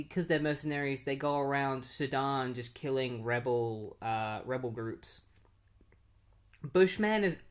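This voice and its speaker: Lockerer Mann, der eine Comic-Handlung nacherzählt, mit vielen Füllwörtern und mittlerer Stimmlage. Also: male voice, medium pitch. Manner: rambling, filler-heavy storytelling. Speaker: comic book reviewer. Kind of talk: casual plot recap.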